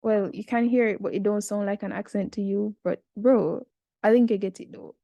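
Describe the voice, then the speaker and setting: A woman's voice: medium pitch, normal speed, dark tone, no echo, studio quality. A Jamaican woman in her twenties, talking through an essay in a casual, chatty tutorial with slangy asides. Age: 20s.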